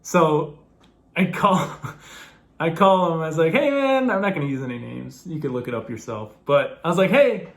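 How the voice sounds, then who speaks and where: A young man casually telling a story to camera, animated and laughing often, acting out the people in it. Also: on the high side, moderate pace, creaky. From New York. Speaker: former college baseball player telling his story.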